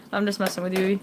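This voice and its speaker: A woman's voice: medium pitch, dark tone, a little hiss or hum. A young woman chatting casually on a live stream, rambling and reading out chat comments beside her fish tank at home. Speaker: fish-keeping livestreamer.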